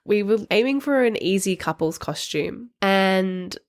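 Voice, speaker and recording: A woman's voice: mid-range voice, lively intonation, unhurried. Giggly rambling woman podcast co-host. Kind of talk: casual chat.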